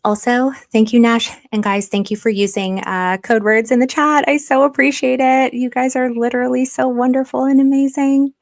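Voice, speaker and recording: A woman's voice: high-pitched, fairly even intonation, moderate pace, hardly any pauses. A woman hosting a live stream, reasoning through evidence with frequent hesitations and gushing thanks to her viewers. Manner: chatty and effusive, often thanking viewers. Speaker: livestream host. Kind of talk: live-streamed investigative commentary.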